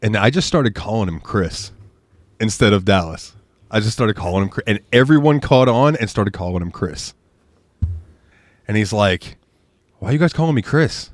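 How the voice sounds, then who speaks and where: Young male podcast co-host, lively storyteller who laughs a lot, dry voice. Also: fairly low pitch, moderate pace, long pauses, dry recording. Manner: laughing, animated storyteller who mimics friends. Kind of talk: casual chat, storytelling.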